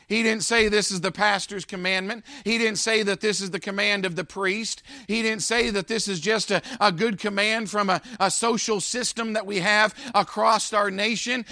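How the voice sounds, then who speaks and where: A man preaching a sermon as pastor, with emphatic swells and sudden loud peaks. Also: high-pitched, no room sound, clean studio sound.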